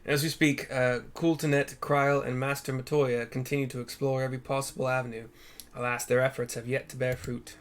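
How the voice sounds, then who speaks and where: A man's voice: mid-range voice, level tone, fairly quick, close to an everyday voice. A man putting on a grave fantasy scholar with a Texan drawl, formal and stiff, mid-range voice, for a game read-through. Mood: grave, earnest. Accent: attempted Texan. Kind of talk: reading game dialogue aloud.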